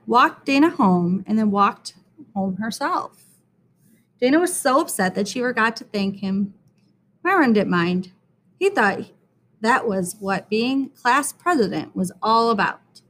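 A woman reading a children's book aloud in an expressive, deliberate way. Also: a little high. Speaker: storyteller.

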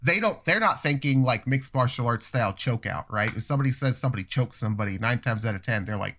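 A young man in a casual chat, telling a long story in a rambling, profane, animated way. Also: medium pitch, fast, few pauses, slight background noise. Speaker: storyteller guest.

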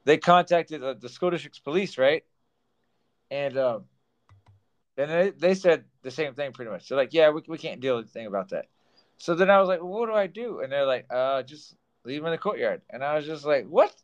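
A man's voice: fairly high pitch, expressive, a little fast, lo-fi sound. Chatty man teacher co-hosting a podcast. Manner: chatty storyteller, laughs often. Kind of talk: casual chat.

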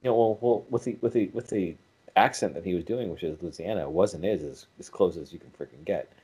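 A man's voice: low-pitched, a little fast, warm tone, breathy edge. A man co-hosting a podcast in casual chat, rambling with many restarts and self-corrections. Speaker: podcast co-host.

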